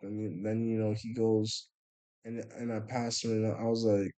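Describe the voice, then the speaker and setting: A young man with a slightly low voice tells a story late at night, sounding worn out. He rambles and stumbles through restarts and fillers as he goes, in a loose, casual vlog manner. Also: level tone, moderate pace, mellow, rough recording. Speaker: vlogger.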